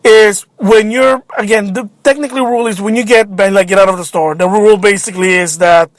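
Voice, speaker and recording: A man's voice: sits high, fairly quick, no room sound. A man telling a frustrating store story in a casual, agitated vlog rant. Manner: agitated, animated storytelling with restarts. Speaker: vlogger. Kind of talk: casual ranting monologue.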